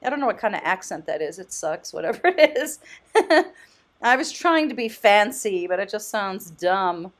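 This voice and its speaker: Woman, thrift vlogger, casual commentary, enthusiastic, thinks out loud, mid pitch. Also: expressive, normal speed. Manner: chatty and enthusiastic, exclaims and laughs often; muses aloud, thinking out loud.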